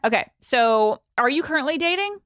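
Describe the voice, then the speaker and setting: A woman's voice: high-pitched, animated, moderate pace, fairly bright tone, no echo, studio quality. A woman hosting a podcast, chatting casually with lots of filler words. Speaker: podcast host. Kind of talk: casual chat.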